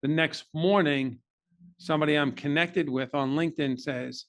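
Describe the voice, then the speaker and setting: Man, slightly higher voice, heartfelt storyteller, candid interview guest. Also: steady tone, moderate pace, fairly bright tone. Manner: earnest, emotional personal storytelling. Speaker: podcast guest.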